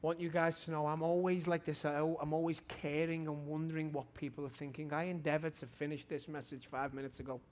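A man in his forties preaching a testimony sermon in a church hall, fervent and shouting at his high points. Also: flat delivery, a little fast, hardly any pauses.

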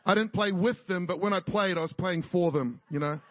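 A man's voice: sits high, brisk, no room sound. A man preaching a sermon in a casual, jokey way, often checking in with his listeners. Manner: jokey, conversational preaching with frequent "right?" and laughs.

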